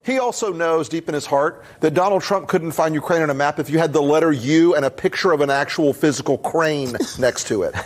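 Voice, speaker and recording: A man's voice: fairly high pitch, brisk, few pauses. A man on a TV panel giving scoffing opinions, often repeating himself as he talks.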